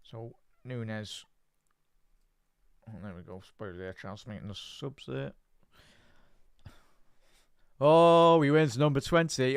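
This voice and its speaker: A man hosting a live football watch-along, giving chatty fan commentary, answering viewer chat and shouting out at big moments. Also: medium pitch, steady tone, slow pace, pauses often, clean tone, no room sound.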